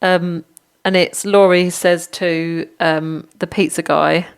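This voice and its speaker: A woman's voice: on the low side, fairly even intonation, slow pace, clear, resonant tone. A woman co-hosting a casual podcast about bad movies at home, giggly and blunt. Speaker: podcast co-host. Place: home, dog in the room.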